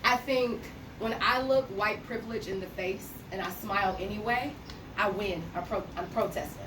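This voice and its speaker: A woman's voice: medium pitch, moderate pace, background noise. A woman from Cleveland, performing spoken-word poetry live in an art gallery with a rhythmic, playful refrain. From Cleveland, Ohio. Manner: rhythmic, playful call-and-response delivery with a repeated refrain. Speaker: poet. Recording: echoey gallery room from a distance.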